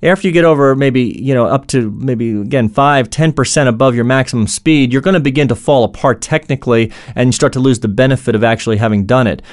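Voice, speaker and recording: A man's voice: mid-range voice, quick pace, hardly any pauses. A man giving an instructional talk as a coach, earnest, explaining through stories and imagined dialogue, with frequent fillers and restarts.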